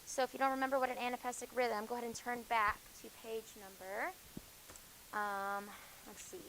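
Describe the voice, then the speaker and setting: Higher-voiced woman teaching a class. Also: little pitch movement, normal speed, a little hiss or hum, low-quality recording. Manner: explains with many fillers and self-corrections, hushes students. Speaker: high school English teacher. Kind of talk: classroom lecture.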